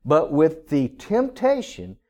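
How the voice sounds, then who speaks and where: A man preaching a sermon, emphatic, with dramatic pauses and big swings in pitch. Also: huge pitch swings, mellow. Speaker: pastor.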